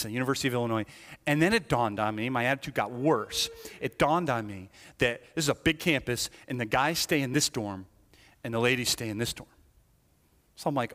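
A man's voice: medium pitch, normal speed, fairly bright tone. A man preaching a testimony-style sermon, jumping into voices of his younger self as he tells the story. His voice sits in the middle of the male range. The sound carries a long reverb, as from a large hall. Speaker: pastor.

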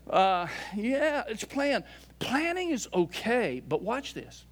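High-pitched guy preaching a sunday sermon in church, gets loud then drops real quiet. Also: big pitch swings, takes it slowly. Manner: swings between loud emphatic lines and soft low asides. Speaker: pastor. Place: church sanctuary.

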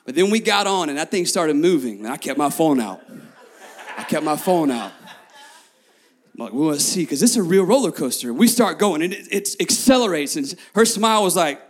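A man in his thirties, a pastor preaching a sermon to his congregation, telling stories lively, repeating phrases and talking straight to the crowd. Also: a little high, fast talker, hardly any pauses, a little hiss or hum. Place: church before a congregation.

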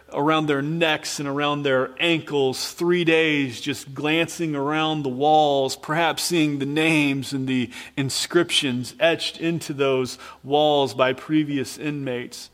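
A man's voice: a little high, fairly bright tone, big-room sound. A man preacher in earnest, dramatic storytelling mode, retelling a scripture scene with emphatic repetition.

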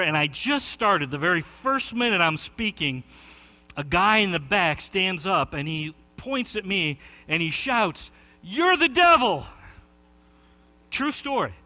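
A male pastor preaching a sermon in an animated storytelling manner. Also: high voice, long reverb tail. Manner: animated storytelling, shouting quoted lines.

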